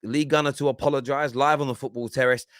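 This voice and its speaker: Fast-talking with a mid-range voice and fairly even intonation, a man runs a football reaction show, offering animated commentary over clips. He jokes around, laughs, and frequently starts phrases over, captured in a dry, studio-quality recording.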